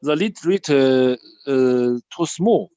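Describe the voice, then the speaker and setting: A male student answers over a phone on an online class. His voice is smooth and dry and comes through dulled. He speaks very slowly, with many hesitations. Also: mid-range voice, lively intonation, dark tone, no echo. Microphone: phone on an online call. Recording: dry, dull phone sound.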